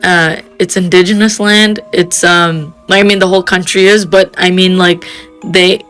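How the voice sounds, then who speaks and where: A woman's voice: lowish voice, flat delivery, a little slow, a bit bright, faint music behind. A young woman from Canada casually telling a personal ghost story, rambling with fillers and restarts.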